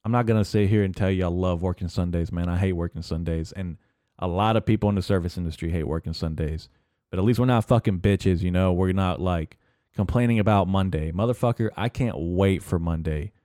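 A man's voice: deep voice, a little fast, mellow, no room sound, studio quality. A man hosting a casual solo podcast, rambling and swearing heavily as he rants, full of fillers and restarts. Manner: profane, rambling, heavy swearing; filler-heavy, restarts often. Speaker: podcast host.

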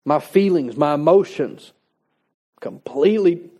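A man's voice: on the high side, animated, measured pace, dark tone, muffled recording. A man preaching a sermon in a conversational, folksy way, reading scripture and adding plain-spoken asides. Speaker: pastor.

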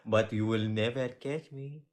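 A man's voice: on the low side, a little slow, darkish tone, close to an everyday voice. A man voicing a gregarious, irritating fly with an Italian accent in a comedy sketch. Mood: teasing.

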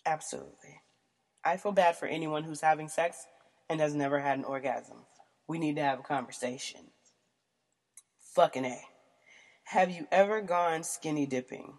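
A woman's voice: deep voice, moderate pace, pauses often. A young woman vlogger reading out questions and answering them in a casual, blunt, profane way, often laughing.

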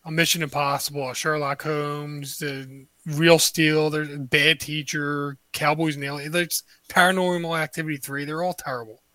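A man's voice: a little high, flat delivery, moderate pace, hardly any pauses, bright, forceful tone, dry recording. A man hosting a casual podcast chat, rambling through a movie list and swearing freely. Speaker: podcast host.

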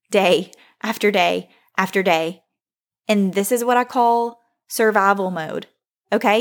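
A woman in her thirties hosting a faith podcast, speaking in an earnest, confessional way, close to tears, repeating phrases for emphasis. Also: mid-range voice. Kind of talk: heartfelt devotional monologue.

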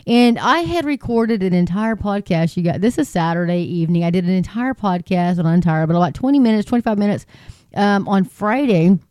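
Woman, solo podcast host, rambling chatty delivery, warm smooth tone, dry close mic. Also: mid-range voice, lively intonation, a little fast, no room sound. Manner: rambling, chatty, frequent restarts and asides, laughs often. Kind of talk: casual solo podcast commentary. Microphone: podcasting microphone.

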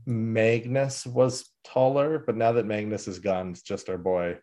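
A man's voice: fairly low pitch, fairly even intonation, a little slow, mellow. A man co-hosting a podcast in casual chat, joking and filling his speech with "uh"s and "um"s. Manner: joking, laughs often, fillers. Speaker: podcast co-host.

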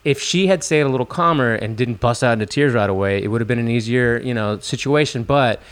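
A man's voice: medium pitch, quick pace. A man co-hosting a podcast, earnestly telling stories and giving advice. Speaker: podcast co-host. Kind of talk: casual podcast chat.

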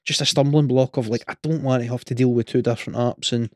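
A Scottish man with a mid-pitched voice co-hosts a relaxed podcast chat. He rambles and hesitates, fills gaps with fillers and restarts his sentences. His voice sounds dry and close, with no room echo. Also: quick pace. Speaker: podcast co-host. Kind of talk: casual chat.

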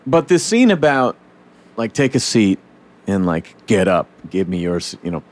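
A man with a low voice leads a relaxed podcast conversation. He swears freely and keeps acting out the scenes he retells. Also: moderate pace. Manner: animated, swears, acts out comic scenes in voices. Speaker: podcast host. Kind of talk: casual chat.

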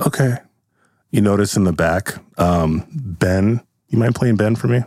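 Low-voiced guy running an improv game, laid back, dry sound. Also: measured pace, darkish tone, dry recording. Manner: casual, filler-heavy narration. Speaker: game master. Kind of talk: narrating an improvised role-play.

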